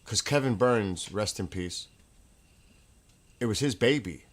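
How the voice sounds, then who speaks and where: A man hosting his own livestream from a room at home, telling casual, rambling stories in an excitable way, with restarts and laughs. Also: on the low side, slow pace. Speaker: livestream host.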